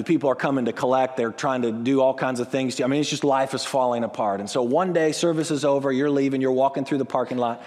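A man with a high-pitched voice preaches a sermon, his words ringing with a long reverb through a large hall. He shifts into acted-out prayers and excited voices as he drives each point home. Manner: animated, acts out quoted prayers and excited voices. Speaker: pastor.

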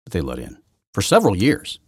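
Man, podcast host, solo rant, rambling, husky, lively pitch swings. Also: a little fast, dry recording, clean studio sound. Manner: rambling, restarts often, swings between loud ranting and low muttering. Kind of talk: solo political commentary rant. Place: home basement.

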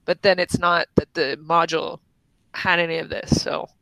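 A woman on a podcast, talking as a player in the game, thinking out loud in a casual discussion and laughing easily. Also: on the low side, flat delivery, moderate pace, creaky, no echo, low-quality recording.

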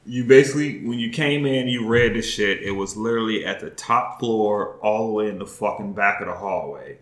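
A man's voice: lowish voice, normal speed, echoey room. A man hosting a podcast, telling a story in casual chat, laughing and swearing as he goes. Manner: laughing, profane, animated retelling. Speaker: podcast host.

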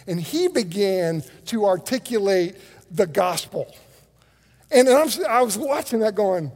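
High-pitched male pastor, emphatic pulpit delivery with stumbling repeats, long church-hall reverb. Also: expressive, darkish tone. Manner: emphatic preaching, dramatic pauses, acts out quotes; frequent repeated words and restarts. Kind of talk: sermon. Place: church sanctuary.

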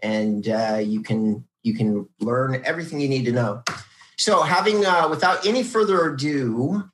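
Man hosting, echoey room, halting. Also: medium pitch. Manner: halting, many ums and uhs. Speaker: podcast host. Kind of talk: casual interview. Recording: roomy echo.

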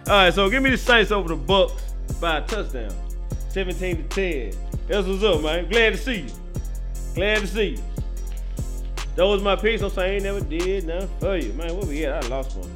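A man from Memphis with a Southern accent hosting casual sports talk, excitable and often laughing and exclaiming. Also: sits high, brisk, soft background music. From Memphis, Tennessee. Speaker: sports show host.

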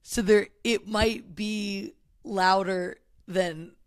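A man's voice: high-pitched, steady tone, very slow, smooth. A man co-hosting a casual comedy podcast, talking in loose rambling sentences full of "like". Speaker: podcast co-host.

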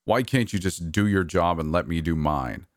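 A man voicing a surly, annoyed male park manager who speaks in a low, menacing tone. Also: expressive, normal speed, no echo, studio quality. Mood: irritated.

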